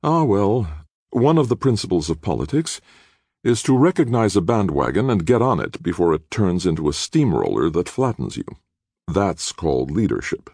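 A man reading an audiobook, voicing an imperious older woman politician with a flat, cold, calculating manner. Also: low-pitched, moderate pace, slightly rough, no room sound, clean studio sound, pitched above the performer's own voice, exaggerated voice. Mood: icy. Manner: icy and flat, coolly calculating. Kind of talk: audiobook character voice.

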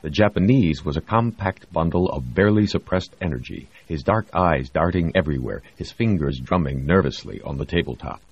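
A man reading a novel aloud as narrator, measured and expressive. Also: low voice, slightly rough, no echo. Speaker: audiobook narrator. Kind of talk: scripted narration. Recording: dry, slightly muffled audio.

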